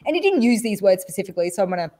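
A woman guest on a podcast, telling a story in casual chat, animated and swearing, acting out what people said. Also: medium pitch, very fast. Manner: animated, swearing, acts out quotes. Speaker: guest, esports desk analyst.

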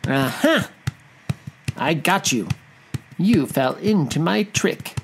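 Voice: medium pitch, sing-song, a little slow, darkish tone, a little hiss or hum, pitched above the performer's own voice. A storyteller voicing a clever male mouse deer who speaks in a sly, knowing way. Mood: triumphant.

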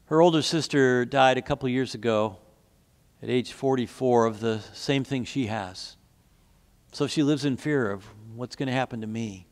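A man's voice: medium pitch, normal speed. A man preaching a sermon as pastor, telling stories earnestly and asking the congregation questions. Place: church sanctuary. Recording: long hall reverb.

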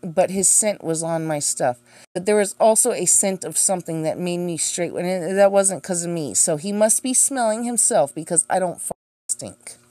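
Lowish, dark-toned and at a moderate pace, a young streamer's voice carries a profane, defensive monologue about accusations against her, heavy on sarcasm and scoffing laughter. The recording has no room sound.

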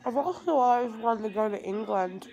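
A woman's voice: on the high side, normal speed, a little mellow, dull audio, faint music behind. Groggy rambling teen girl on a phone. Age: teens. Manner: groggy and rambling after surgery. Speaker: vlogger. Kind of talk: rambling selfie vlog. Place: home, indoors. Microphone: phone at arm's length.

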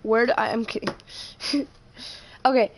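A woman's voice: mid-range voice, measured pace, vocal fry. A woman streaming a game live, chatting casually and joking, often trailing off mid-sentence.

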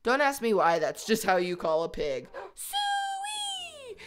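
Excitable woman gaming host, lively voice. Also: lowish voice, normal speed, heavy background noise. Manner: excitable, chatty, talks to her pets. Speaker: let's play host. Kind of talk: video game commentary.

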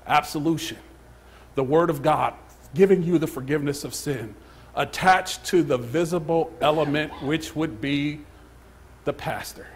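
A man preaching a sermon as pastor, swinging from hushed, near-whispered phrases to loud, emphatic calls. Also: a little high, measured pace, slight background noise. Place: church sanctuary.

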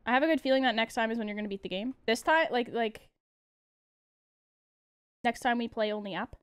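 A young woman streaming a game, chatting casually, laughing often and yelling at the game. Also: fairly high pitch, a little fast, smooth. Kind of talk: casual gameplay commentary.

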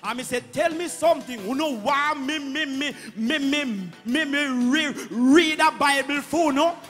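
A man's voice: extremely high pitch, takes it slowly, a bit bright, in a large hall, faint music behind, heavily acted. A man voicing a proud, sly male Bible salesman with a Jamaican accent who stammers heavily in broad patois. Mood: boastful.

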